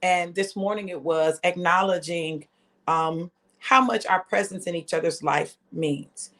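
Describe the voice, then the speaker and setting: Hosting a live stream, a woman in her fifties shares a family story, chatty and animated, addressing her viewers straight on. Her voice is fairly low in pitch and her pace a little slow.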